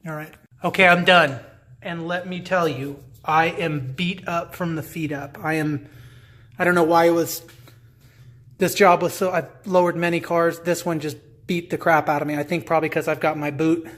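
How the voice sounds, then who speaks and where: Working on his car for a DIY vlog, this hobbyist talks himself through the job in a chatty, rambling way full of restarts. He speaks at normal speed in a steady, fairly bright voice that sits on the high side.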